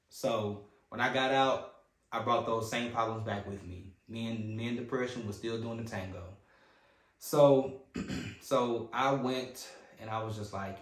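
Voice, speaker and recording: A young man with a lowish voice shares a personal story on a podcast in a candid, conversational way, playing out his own past thoughts and others' words as he goes. The recording carries a noticeable roomy echo. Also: normal speed.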